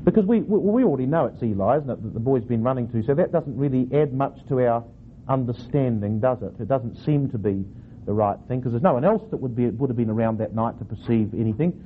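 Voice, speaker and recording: A man teaching a class on how to read a scripture verse, reading it aloud slowly with different stresses and then questioning his listeners. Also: mid-range voice, expressive. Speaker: Bible teacher. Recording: tinny phone-like recording with faint noise.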